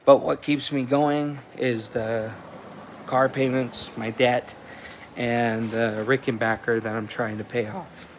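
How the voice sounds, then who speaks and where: A man's voice: medium pitch, fairly even intonation, takes it slowly, a little hiss or hum. A man in his twenties talking casually to the camera in a vlog. He tells a loose, rambling story with frequent swearing and restarts. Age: 20s. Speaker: vlogger. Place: indoors at home, with a cat.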